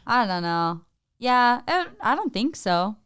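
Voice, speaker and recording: Young woman chatting with a clear, high voice. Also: slow pace, no echo, clean studio sound. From Mexican-American family. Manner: animated storyteller, acts out parents' lines, lots of "like". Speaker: podcast co-host. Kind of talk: casual chat.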